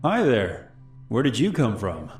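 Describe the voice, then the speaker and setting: A man's voice: mid-range voice, huge pitch swings, unhurried, echoey room, faint music behind, voice pushed up. A man voicing a falsely friendly stranger in his twenties who turns cold and menacing.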